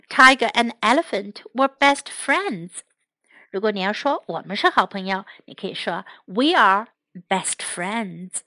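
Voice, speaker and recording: Gentle and clear, a woman acting as storyteller and English teacher reads a children's story aloud line by line, translating each line. Her voice sits on the high side, and the recording is dry.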